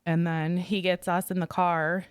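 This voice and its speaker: A young adult woman, the host's sister, telling a story in a quick, chatty way full of "like". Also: on the low side, little pitch movement, clean tone, dry recording, studio quality. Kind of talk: casual storytelling.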